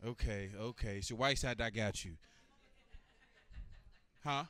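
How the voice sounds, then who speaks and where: A man's voice: medium pitch, slow pace, pushed and bright, smooth. A man doing a stand-up comedy set, talking loosely and profanely and working the crowd.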